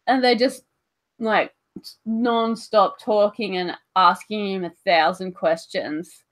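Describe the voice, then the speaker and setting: A woman's voice: medium pitch, steady tone. A woman narrating her character in a tabletop role-playing game, rambling casually with many fillers. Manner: unhurried, rambling, lots of fillers like "like" and "um".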